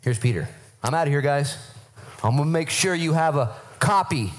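Fired-up animated male preacher. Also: on the high side, moderate pace, low-quality recording. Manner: excited, animated storytelling with acted-out voices. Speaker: pastor. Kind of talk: sermon.

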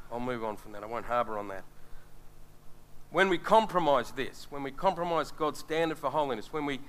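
A man's voice: on the high side, fairly bright tone. A middle-aged man preaching a sermon, earnest and speaking straight to his congregation. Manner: earnest, addresses the congregation directly.

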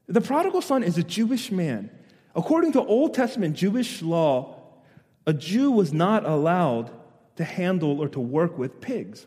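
A man preaching a sermon, telling stories animatedly and building to loud, emphatic points. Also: high-pitched, big-room sound. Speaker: pastor.

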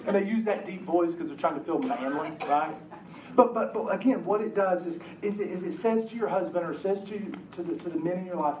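A man's voice: sits high, fairly quick, darkish tone, a little hiss or hum. A man preaching a conversational sermon, slipping into the voices of the people he quotes. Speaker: pastor. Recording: echoey room, mic from a distance.

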